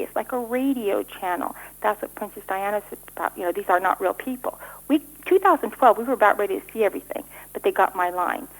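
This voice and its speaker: A middle-aged woman giving rambling interview answers, talking rapidly with frequent restarts and stumbles. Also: mid-range voice, poor audio. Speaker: interview guest.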